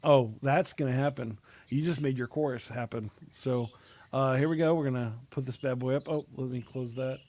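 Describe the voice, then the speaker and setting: A man's voice: medium pitch, fairly even intonation, moderate pace. A man hosting and producing a podcast, chatting casually and freestyling a half-sung rap. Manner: improvised rhyming over a beat, half sung. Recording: music playing loudly behind. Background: beat music.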